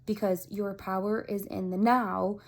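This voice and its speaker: A woman's voice: mid-range voice, unhurried. A woman vlogger talking casually to camera in a chatty, upbeat way, with many fillers like "like" and "um". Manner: earnest, animated storytelling.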